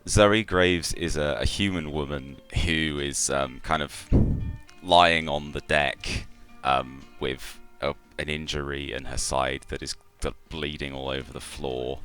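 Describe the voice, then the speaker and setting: A man running a tabletop game as game master, giving halting, meandering descriptions of the scene. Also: a bass voice, steady tone, a bit bright, clean tone, soft background music.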